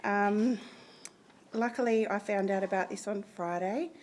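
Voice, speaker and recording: A young woman giving an emotional, halting award acceptance speech, audibly breathless. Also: mid-range voice, darkish tone, a little hiss or hum. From Australia. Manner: halting, with many ums. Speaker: award recipient.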